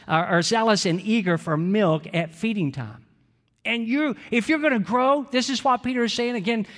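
A middle-aged pastor preaches a sermon in a church sanctuary, speaking conversationally and posing rhetorical questions to the congregation. His high voice has a fairly bright tone, and the hall adds long reverb.

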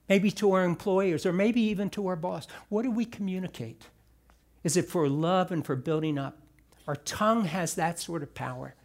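A man with a high-pitched voice delivers a sermon in a church. He speaks in a conversational way, tossing in asides, then rises and presses on the words he wants his listeners to remember. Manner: emphatic, rising on key words, conversational asides. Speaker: pastor. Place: church sanctuary.

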